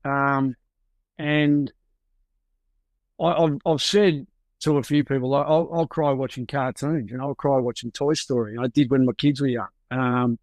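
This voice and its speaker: A man's voice: mid-range voice, dry recording. Middle-aged Australian male coach, candid and reflective, medium voice, dry recording. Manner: reflective and open, searching for words. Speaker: football coach, guest. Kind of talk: candid interview answers.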